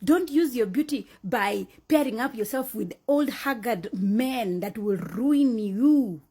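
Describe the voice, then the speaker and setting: A woman's voice: on the high side, animated, slow, dark tone, husky. A woman sharing earnest advice in a casual monologue, repeating points for emphasis.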